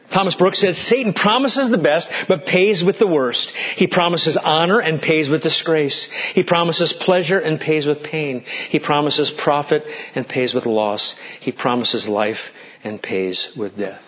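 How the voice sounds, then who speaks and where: A pastor preaching a dramatic sermon, dropping into hushed tones for emphasis. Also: male voice, on the high side, unhurried, dull audio.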